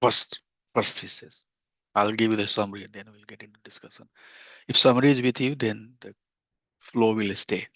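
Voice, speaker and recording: A man's voice: on the low side, moderate pace, long pauses, fairly bright tone, no echo. Earnest man teaching scripture, dry lo-fi. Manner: earnest teaching tone, quotes scripture, repeats key phrases. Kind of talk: scripture class lecture. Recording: dull lo-fi dry recording.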